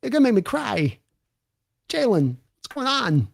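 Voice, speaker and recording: A man putting on an impression of a mournful older man who speaks in slow, broken-up phrases with odd pauses. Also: extremely high pitch, big pitch swings, creaky, husky, voice pushed up, heavily acted.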